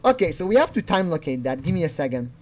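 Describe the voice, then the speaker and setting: A man's voice: on the high side, big pitch swings, quick pace. A man hosting a casual video commentary, rambling along with chuckles and restarts. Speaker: channel host.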